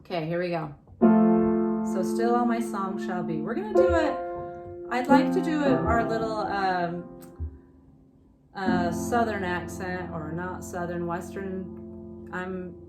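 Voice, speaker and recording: A woman's voice: on the low side, takes it slowly, pauses often, loud music behind the voice. A woman teaching singing in a casual, encouraging way, often breaking into short sung hymn phrases. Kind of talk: casual vocal lesson with sung demonstrations.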